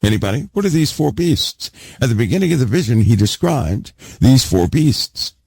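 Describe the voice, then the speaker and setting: A man's voice: medium pitch, sing-song, moderate pace, gravelly, a little mellow, husky, no room sound. A man teaching a Bible sermon emphatically, repeating key words and putting questions to his listeners. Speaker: preacher.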